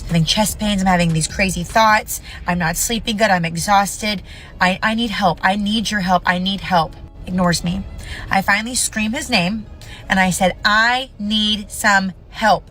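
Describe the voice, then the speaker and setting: A woman in her thirties speaks straight to camera in an indignant, emotional rant. She is blunt and swears freely, and her voice sits at an ordinary middle pitch. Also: fairly bright tone. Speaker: mother sharing her story.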